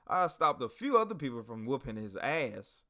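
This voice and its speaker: A man hosting a podcast, telling a story in a casual, animated, slangy and profane way. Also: medium pitch, moderate pace. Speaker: podcast host.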